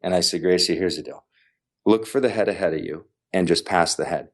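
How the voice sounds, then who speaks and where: Man, very low pitch, guest on a podcast; animated, emphatic storyteller who repeats lines for effect. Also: fairly quick. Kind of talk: casual storytelling in conversation.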